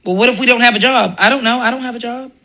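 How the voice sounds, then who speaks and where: A woman's voice: on the high side, very fast, bright, forceful tone, rough recording. A woman ranting in a blunt, profane commentary monologue, laughing often and mocking other people's voices. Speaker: commentary vlogger.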